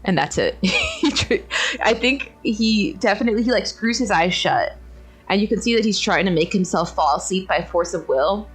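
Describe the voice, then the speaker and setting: A woman's voice: medium pitch, animated, normal speed, husky, rough recording. A woman playing a tabletop game, hesitantly describing her character's actions with many "like"s. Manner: hesitant, full of "like". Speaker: player.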